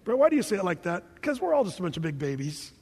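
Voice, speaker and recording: Guy preaching a sermon, high voice, lots of echo from a big hall, animated and emphatic. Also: fast talker, breathy edge. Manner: animated, emphatic, repeats words while thinking. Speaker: pastor.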